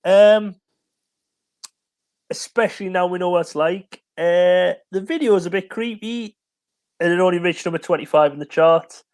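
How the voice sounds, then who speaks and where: A high-pitched man chatting casually on a live stream. He rambles and giggles a lot between his points, and he sounds tired. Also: moderate pace, pauses often, clean tone. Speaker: co-host of a music live stream. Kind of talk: casual chat.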